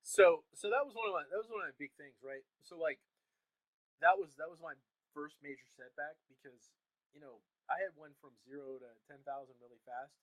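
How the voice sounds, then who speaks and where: Fast-talking, laughing man. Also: fairly high pitch, no echo, poor audio. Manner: rapid, laughing, candid storytelling. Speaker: guest, chatbot course creator. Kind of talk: casual interview chat.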